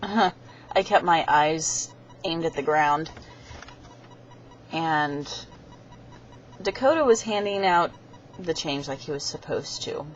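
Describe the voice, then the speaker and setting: A woman's voice: low voice, animated, slow pace, pauses often, a little hiss or hum. A young woman vlogging, telling a rambling story to her webcam and acting out the voices of the people in it. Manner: chatty, rambling, acts out quoted voices. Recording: dull lo-fi webcam audio.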